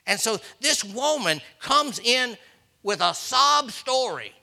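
His voice is extremely high and expressive, his pace a little slow, as this man preaches. The sermon leans on folksy stories where he acts out the people involved, building up to shouts.

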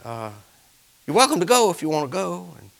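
A pastor preaching with a bright, ringing tone. His pitch leaps and dips all over as he tells homespun stories, and he builds up to loud bursts. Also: sing-song, fairly quick, creaky. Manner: folksy storytelling preaching, swelling to shouts. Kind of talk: sermon.

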